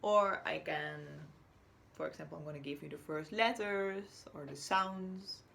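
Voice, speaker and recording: A woman teacher from Chile giving a slow, patient recorded spelling lesson to young children, now and then whispering or acting out a word. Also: deep voice, vocal fry, a bit bright, slight background noise. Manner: patient, drawn-out words, whispers or acts out words as examples.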